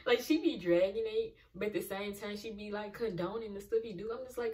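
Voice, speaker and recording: Heard from a distance, this reaction video host has a medium-pitched voice and a moderate pace. Exasperated and animated, the young woman rants about a show, answering the characters directly in casual TV reaction commentary.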